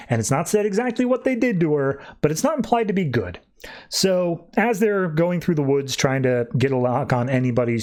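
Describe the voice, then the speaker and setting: A man's voice: medium pitch, darkish tone. A man hosting a podcast, loosely retelling comic book scenes in casual chat, with lots of "like" and paraphrased lines. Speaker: podcast host.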